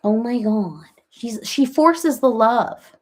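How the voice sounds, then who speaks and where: A woman's voice: on the high side, animated, slow, darkish tone. A woman playing a rambling, chatty reality-TV woman in a comedic parody livestream, who baby-talks her cats and answers viewers by name.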